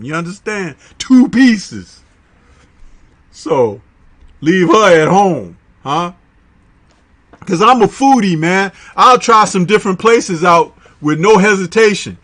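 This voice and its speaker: A man with a Chicago accent hosting a casual live chat, reading out viewer comments in a slangy, animated way and laughing often. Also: sits high, slow. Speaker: livestream host reading chat.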